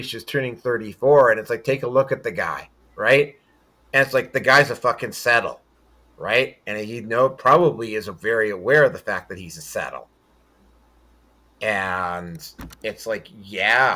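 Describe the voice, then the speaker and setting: A man's voice: lowish voice, bright, forceful tone. A man hosting a casual podcast hangout, talking bluntly with frequent swearing and rambling restarts. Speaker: podcast host. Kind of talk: casual livestream chat.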